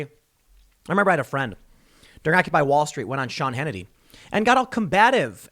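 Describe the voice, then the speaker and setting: A man's voice: a little high, big pitch swings, brisk, pushed and bright. A man giving a heated solo political commentary, mocking and sarcastic as he talks.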